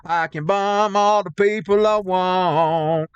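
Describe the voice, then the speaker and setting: A man putting on the voice of a gloating, self-righteous zealot who cheers for bombings, drawing his words out in slow, sing-song mockery. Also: high voice, steady tone, clear, resonant tone, no echo, lo-fi sound.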